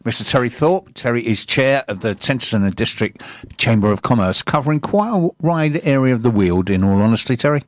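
A man's voice: medium pitch, animated, a little fast, dry recording, clean studio sound. A man hosting a business show, chatty and easygoing, reading event listings and welcoming a guest. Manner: easygoing, repeats himself, chatty. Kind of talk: casual chat and announcements.

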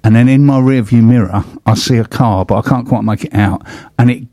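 A man's voice: mid-range voice, fairly quick, warm tone, no echo. A man hosting a casual chat, telling rambling stories with restarts and laughs. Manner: chatty anecdotes, frequent restarts and laughs. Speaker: host.

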